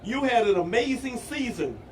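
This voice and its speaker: A man's voice: very high-pitched, very animated, moderate pace, noisy background. A man, a police chief giving an upbeat, folksy speech that rouses the crowd outdoors. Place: outdoor rally at a school parade. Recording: distant outdoor news mic with cheering crowd.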